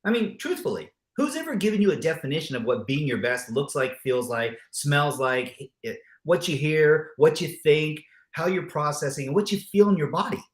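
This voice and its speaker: A man co-hosting a live talk show, talking reflectively and asking rhetorical questions with animated asides. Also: fairly high pitch, moderate pace, hardly any pauses. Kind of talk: casual live chat. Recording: echoey room sound.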